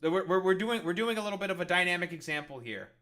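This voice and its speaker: A man's voice: high-pitched, fast talker. A male streamer reacting to an interview with scornful, profane political commentary, swearing constantly and often restarting his sentences. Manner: gets loud and excited while acting out an example.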